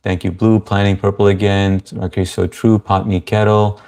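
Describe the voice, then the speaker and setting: A man's voice: on the low side, flat delivery, normal speed, a little mellow. A man hosting a casual livestream, reading viewer comments aloud and greeting people by name in an easygoing way. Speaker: livestream host.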